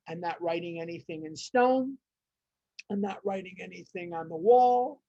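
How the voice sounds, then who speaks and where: A woman's voice: fairly low pitch, normal speed, dark tone, no echo. A woman leading a recovery study group, reading passages aloud and commenting on them with emphatic, repeated phrases. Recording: dull, muffled audio.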